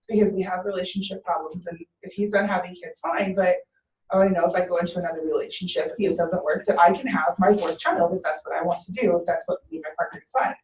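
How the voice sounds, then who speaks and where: A woman's voice: fairly low pitch, quick pace, a little mellow. A woman student recounts a personal story to the class, animatedly acting out each exchange. She is heard from a distance in an echoey room. The sound is dull and lo-fi. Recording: dull, roomy, from a distant mic.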